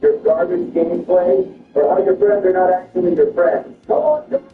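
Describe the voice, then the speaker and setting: A man performing a comedic skit over gameplay, switching between a deep bossy voice and high whiny ones. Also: very animated, normal speed. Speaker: gaming video creator. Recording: roomy, distant, dull sound with faint music.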